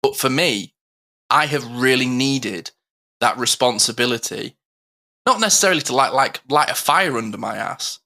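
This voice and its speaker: Bright-voiced man, heartfelt chat. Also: medium pitch, expressive, normal speed, creaky. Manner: heartfelt, rambling with many fillers. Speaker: co-host. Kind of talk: casual podcast chat.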